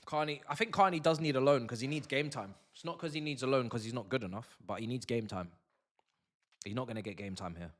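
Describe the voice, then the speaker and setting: Bright-voiced young man ranting over football. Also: mid-range voice, fast. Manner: animated, slangy banter with chat. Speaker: watch-along streamer. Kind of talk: live football watch-along commentary.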